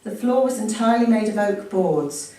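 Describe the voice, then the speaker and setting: A woman's voice: mid-range voice, animated, normal speed, warm tone. A woman reads a story aloud from a book, breaking off now and then to chat, laugh and correct herself. Her voice is in a middle range for a woman. She is heard from some distance in a very echoey room, over a faint background hum. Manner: chatty, with laughs and self-corrections. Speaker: reader sharing a family story.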